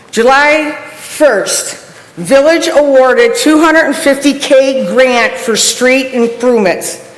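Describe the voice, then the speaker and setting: A frustrated woman giving public comment at a council meeting, firing off pointed questions. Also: on the high side. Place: council chamber. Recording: echoey hall, room mic.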